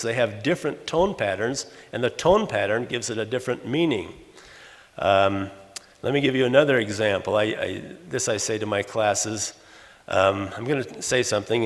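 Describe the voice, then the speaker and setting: Older man lecturing in a reverberant hall. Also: lowish voice. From Los Angeles, USA. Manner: explanatory, works through examples, frequent self-corrections. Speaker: conference lecturer. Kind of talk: academic lecture. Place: conference hall. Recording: long reverb of a conference hall.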